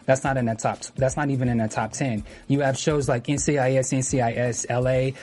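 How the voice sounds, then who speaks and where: A co-host of a fan talk show, making a point haltingly with restarts in casual panel chat. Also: medium pitch, fairly even intonation, a little mellow.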